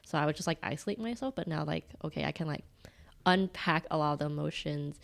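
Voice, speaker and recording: A woman's voice: sits low, fast talker, creaky. A young woman with a Californian accent, chatting casually on a community podcast with lots of fillers. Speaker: podcast co-host. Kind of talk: casual chat.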